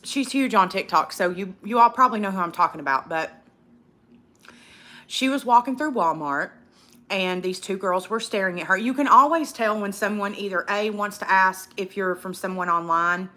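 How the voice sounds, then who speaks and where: A young woman hosts an eating livestream in casual chat. She is outspoken and profane, ranting at people who bullied a fellow creator. Her voice is bright and sharp, at a middle pitch. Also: normal speed. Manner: reads viewer comments aloud. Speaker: livestream host.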